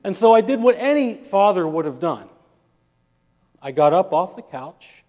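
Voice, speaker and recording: A man's voice: high-pitched, very animated, normal speed, darkish tone. A male pastor preaching a sermon in a church, telling a humorous story and acting out the dialogue. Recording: long reverb of a church hall.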